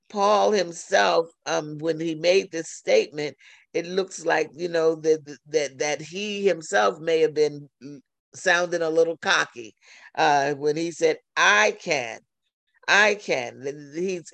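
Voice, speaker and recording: A man delivers a sermon at an unhurried, drawn-out pace, his voice rough and gravelly. He sits a little higher than most men and leans on repetition, circling back over each phrase. The sound is dry and close, with no room around it. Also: fairly even intonation, no echo. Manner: slow, deliberate preaching with repeated phrases. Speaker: preacher. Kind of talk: sermon over a phone line.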